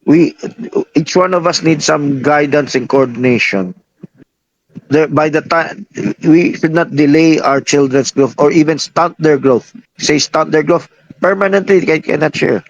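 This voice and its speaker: Teacherly preacher, high-pitched man. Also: unhurried, vocal fry, no room sound, highs cut off. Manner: questioning, teacherly, repeats himself. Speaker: pastor. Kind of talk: sermon.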